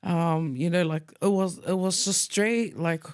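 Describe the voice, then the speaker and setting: A woman, co-hosting a podcast, telling school stories in a casual, lively way, acting out quoted voices and mixing in Tongan words. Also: fairly low pitch, a little slow, clear, resonant tone. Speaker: podcast co-host. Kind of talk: casual storytelling chat.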